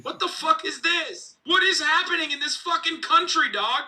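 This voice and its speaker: Man doing a put-on British accent, crude loud lad, high-pitched, very bright, mocking. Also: moderate pace, full character voice. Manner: mocking, exaggerated.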